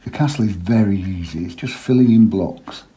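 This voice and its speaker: A man giving a relaxed watercolour painting lesson, chatty and quiet, often dropping to a murmur as he works. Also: low voice, moderate pace. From England. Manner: quiet, chatty, drops to a murmur while working.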